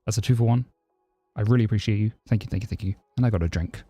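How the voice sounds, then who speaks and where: A man's voice: on the low side, rapid-fire, no room sound, soft background music. A man from southeast London with a southern English accent close to received pronunciation, chatting casually on a live stream and answering viewers. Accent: southern English, close to received pronunciation but less posh. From southeast London, England. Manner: chatty, answers chat questions, thanks subscribers warmly. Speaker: livestreaming programmer.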